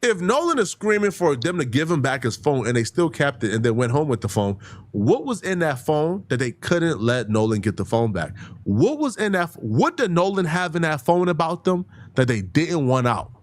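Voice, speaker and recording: A man's voice: on the high side, sing-song, normal speed, no echo. A man hosting an online commentary show, talking animatedly and firing off rhetorical questions.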